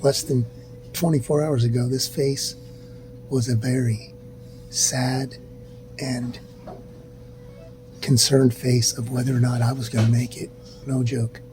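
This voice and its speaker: Over music and a steady low rumble, a middle-aged vlogger gives a casual update from his hospital bed while sick. He talks a little slowly with long pauses, softly, sighing and at times dropping to a whisper, on poor audio.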